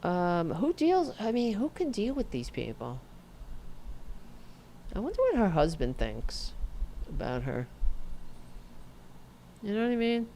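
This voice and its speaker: Profane, sarcastic woman host, lively pitch. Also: a little slow, pauses often, slight background noise. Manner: profane, sarcastic, animated ranting. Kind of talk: political commentary stream.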